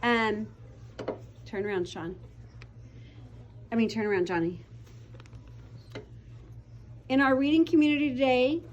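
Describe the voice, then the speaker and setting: A woman's voice: fairly high pitch, slight background noise. A young woman teaching a class of children, patient and encouraging, calling on pupils by name. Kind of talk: classroom vocabulary lesson.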